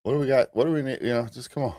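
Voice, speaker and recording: A man's voice: medium pitch, racing, dark tone, no echo, studio quality. An American man hosting a live morning commentary show, rambling casually with restarts and chuckling at himself.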